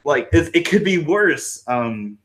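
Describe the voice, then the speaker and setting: A man's voice: fairly high pitch, slow. Rambling, swearing tipsy man. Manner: rambling, swearing, animated hand gestures. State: drunk. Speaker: guest panelist. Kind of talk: casual livestream panel talk. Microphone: computer mic on a video stream.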